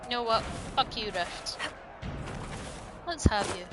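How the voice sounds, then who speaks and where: A woman's voice: a little high, lively intonation, takes it slowly, over music. A woman streaming a video game, chatting playfully and breaking into squeals and giggles.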